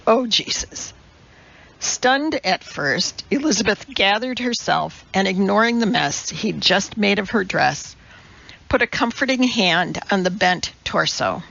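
A woman narrating an audiobook novel in a measured, even way. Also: mid-range voice, vocal fry. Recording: dull lo-fi audiobook recording.

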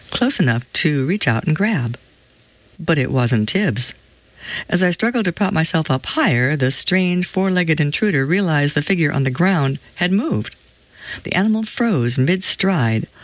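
Female reader for an audio reading service, expressive storytelling delivery, slightly muffled recording. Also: deep voice. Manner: expressive, slows down over descriptive lists. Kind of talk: reading a personal story aloud.

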